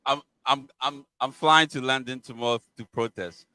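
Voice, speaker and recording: A man's voice: medium pitch, fairly even intonation, normal speed, bright, forceful tone, poor audio. A man co-hosting a casual football chat, needling his partner with pointed questions. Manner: needling, argumentative.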